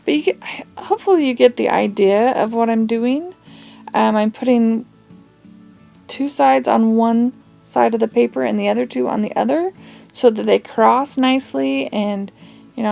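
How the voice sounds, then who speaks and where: A woman's voice: fairly high pitch, expressive, normal speed, vocal fry, warm tone, soft background music. A woman hosting a casual craft tutorial, chatty and rambling, with asides and little laughs as she works.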